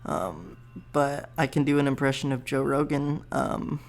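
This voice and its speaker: A man's voice: mid-range voice, lively intonation, measured pace. A man talking in a rambling, laid-back vlog monologue, casually profane. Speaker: vlogger.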